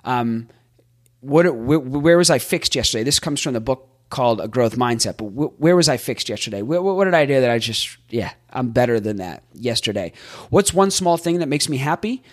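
A man hosting a podcast, recapping on his own in a chatty way, thinking out loud and tossing in rhetorical questions. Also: mid-range voice, animated, moderate pace. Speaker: podcast host.

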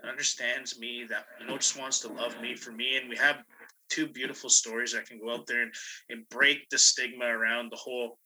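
A man, a guest, telling a story in an animated, chatty way, full of "you know"s. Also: medium pitch, brisk, a little hiss or hum, rough recording. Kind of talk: casual storytelling.

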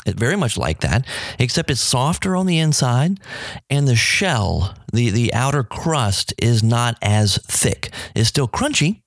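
A man talks food on his radio show, rambling and enthusiastic, his voice leaping up whenever something delights him. His middle-pitched voice sits in a dry, close sound. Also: dry recording. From New Orleans. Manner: enthusiastic, rambling, pitch jumps when excited. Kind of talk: radio talk about food.

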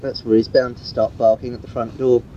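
A man's voice: mid-range voice, level tone, fairly quick. A man recording a rambling, chatty cassette tape message, full of fillers. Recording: muffled old cassette tape with hiss.

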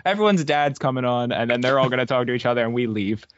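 A man's voice: mid-range voice, animated, fast talker, fairly bright tone, no room sound, lo-fi sound. A man from Philadelphia with a Philly accent, a podcast guest telling playful stories. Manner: storytelling, playful. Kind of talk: casual chat.

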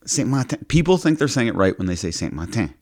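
A man, co-hosting a podcast in casual chat, joking about himself in a deadpan way. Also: mid-range voice, fast talker, no room sound, clean studio sound. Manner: self-deprecating, deadpan joking. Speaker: podcast co-host.

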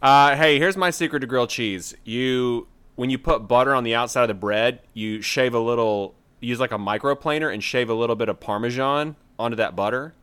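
A man co-hosting a casual podcast, chatty and quick to laugh. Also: medium pitch, clear, resonant tone. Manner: animated, laughs often. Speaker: podcast co-host. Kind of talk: casual chat.

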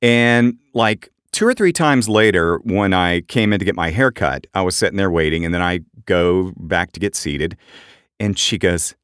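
A middle-aged man co-hosting a podcast, telling animated anecdotes in casual chat and jumping up in pitch for quoted voices. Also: normal speed, clear, resonant tone, no room sound, studio quality. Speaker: podcast co-host.

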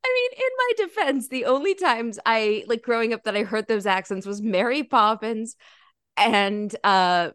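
A woman's voice: a little high, lively intonation, a little slow, a bit bright, clean tone, no echo, clean studio sound. An American woman talking casually about a film, chatty and full of restarts and fillers. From United States. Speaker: podcast co-host or guest.

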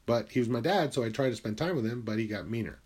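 A young man from Connecticut tells his own story in a blunt, confessional monologue. His voice sits at a middling pitch, and he swears freely. At times he sinks into quiet, low asides. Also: animated, fast talker, breathy edge. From Connecticut, USA. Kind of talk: candid personal monologue.

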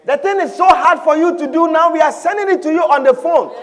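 High-voiced, animated male preacher. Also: fairly quick, crowd noise. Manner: animated, lively, acts out prayers and voices. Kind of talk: sermon. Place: church. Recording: reverberant hall, faint congregation.

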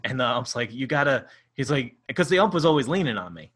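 A man's voice: mid-range voice, very animated, quick pace, a bit bright, slightly rough. A man co-hosting a podcast in casual chat, telling rambling stories with frequent laughs and swearing. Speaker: podcast co-host.

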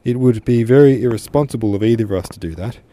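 A man reading aloud, voicing a gentle, composed mother who soothes her daughter. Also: medium pitch, no room sound, close to an everyday voice. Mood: firm. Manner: soothing, measured.

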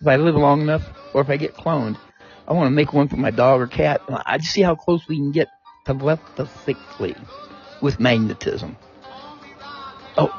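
A man's voice: on the high side, normal speed, lo-fi sound, faint music behind. An older man talking to himself in a rambling, folksy personal monologue, full of restarts. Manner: folksy and rambling, plain-spoken with many restarts. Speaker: home recorder.

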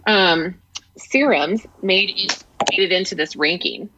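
A woman's voice: mid-range voice, a little slow, pushed and bright, highs cut off, a little hiss or hum. A woman co-host on a video call with headphones, reading hesitantly with many fillers. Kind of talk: casual chat over a video call.

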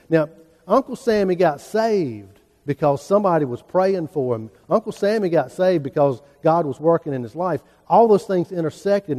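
In a big, reverberant church sanctuary, a middle-aged pastor delivers a sermon through earnest, folksy storytelling. His voice sits a little high but carries a dark tone.

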